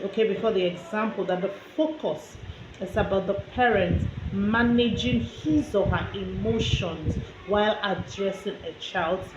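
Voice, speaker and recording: A woman giving a parenting lesson in a conversational lecture style, talking straight to the listener and using lots of "you know" fillers. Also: mid-range voice. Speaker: parenting instructor. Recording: echoey, muffled, noisy room recording.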